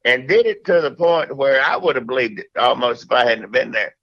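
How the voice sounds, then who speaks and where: A man's voice: mid-range voice, animated, a little fast, a bit bright, no room sound, dull audio. A man, a golf podcast guest, chiming in on a shared story with chuckles. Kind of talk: casual storytelling.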